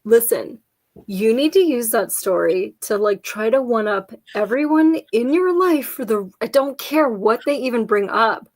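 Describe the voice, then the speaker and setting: A woman's voice: on the high side, lively intonation, moderate pace, hardly any pauses. A woman co-hosting a casual chat, telling jokey stories with lots of laughter. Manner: chatty, jokey storyteller, frequent laughs. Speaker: podcast co-host.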